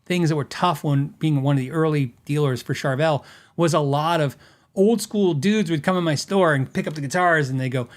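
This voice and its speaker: A man's voice: a little high, moderate pace. A middle-aged man hosting a podcast, telling stories in casual chat with lots of fillers and restarts. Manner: rambling, filler-heavy storytelling with laughs. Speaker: podcast host.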